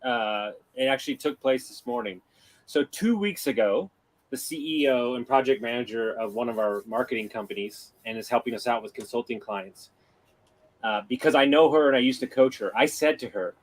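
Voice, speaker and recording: A man's voice: mid-range voice, normal speed, rough recording. Man telling a story with acted-out dialogue. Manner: animated storyteller, acts out dialogue, swears freely. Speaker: guest. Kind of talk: casual chat.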